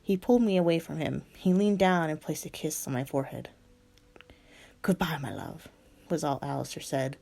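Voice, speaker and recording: Low-voiced woman reading a story. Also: fast talker, creaky, hardly any pauses, warm tone. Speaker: fan fiction reader. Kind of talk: first-person story reading.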